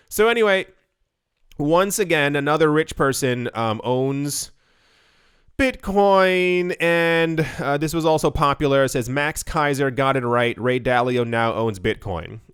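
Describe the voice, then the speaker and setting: A man's voice: on the high side, fairly bright tone, clear, resonant tone, dry recording, clean studio sound. A man hosting an investing channel, reading news and riffing on it in a rambling, joking way, often stumbling and repeating words. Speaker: crypto investing YouTuber. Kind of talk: casual monologue reading and commenting on news.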